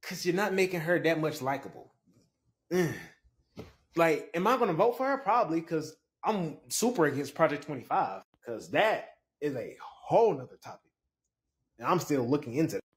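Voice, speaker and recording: Animated man, voice jumping high. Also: normal speed. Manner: animated, pitch swinging up when exasperated. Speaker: commentator. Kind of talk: casual opinion clip.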